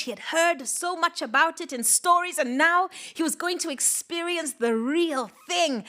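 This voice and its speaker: A woman storyteller telling a folktale live, dramatic and expressive, with sound effects and whispered asides. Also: high voice.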